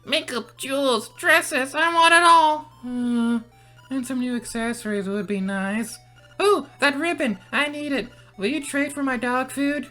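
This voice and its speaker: A woman voicing a vain, spoiled young girl in a game, in a high, whiny, demanding voice. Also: a little slow, pushed and bright, faint music behind, rough recording. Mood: greedy. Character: bratty vain young girl wanting finery.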